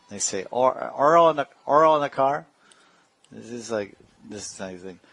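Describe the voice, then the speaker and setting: A man's voice: lowish voice, dry recording, poor audio. A man giving a sermon as a spiritual teacher, telling stories and now and then imitating other people's speech playfully. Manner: storytelling with playful imitations and laughs.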